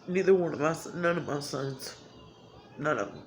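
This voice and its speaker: A woman's voice: low voice, normal speed, a little hiss or hum. A woman talking candidly to her viewers in a blunt, emotional way, swearing freely. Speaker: vlogger. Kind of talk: candid talk to camera.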